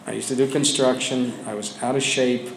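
A man sharing his personal story with a support group, speaking candidly and haltingly with frequent restarts, sometimes dropping low and quiet. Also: fairly even intonation, vocal fry, slight background noise. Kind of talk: personal testimony. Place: meeting room with a group of men. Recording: echoey room with faint ambience.

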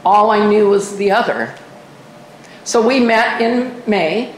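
A woman's voice: medium pitch, expressive, slow pace, echoey room, a little hiss or hum, rough recording. Older woman telling a wry personal story. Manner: candid, self-mocking storytelling with wry humor. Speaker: speaker sharing at a recovery meeting. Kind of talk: personal testimony at a meeting. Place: meeting room. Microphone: microphone at a podium.

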